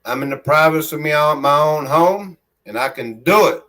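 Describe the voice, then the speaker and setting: A man with a Southern country accent hosts a casual livestream from home on a handheld phone, reading viewer comments aloud in a rambling, friendly way and calling himself by his nickname in the third person. His fairly high voice is expressive, a bit bright and moderately paced.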